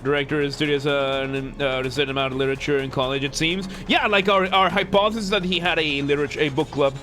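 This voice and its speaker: A man's voice: on the high side, fast, bright, forceful tone. Chatty man over game music. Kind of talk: casual chat and narration reading. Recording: music playing behind.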